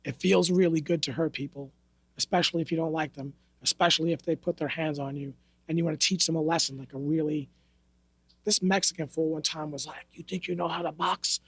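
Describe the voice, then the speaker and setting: His pitch runs fairly high, his intonation fairly even, and his tone fairly bright as he talks a little fast on a dry recording. He's a martial arts instructor from New York swapping stories in a casual podcast interview, blunt, profane and streetwise, in a podcast studio.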